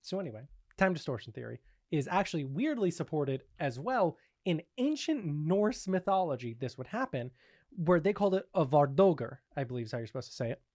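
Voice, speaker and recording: A man presents the topic on a casual podcast, and his pitch leaps up and down as he talks. He laughs often and swears freely. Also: very animated, a little fast, darkish tone, no room sound, clean studio sound.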